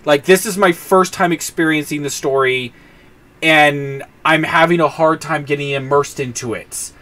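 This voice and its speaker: Guy streaming a game, rants a lot, subs in silly words for swears, slightly high voice. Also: moderate pace, bright, forceful tone. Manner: ranting, swaps in mild words for swearing. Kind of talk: casual gameplay commentary.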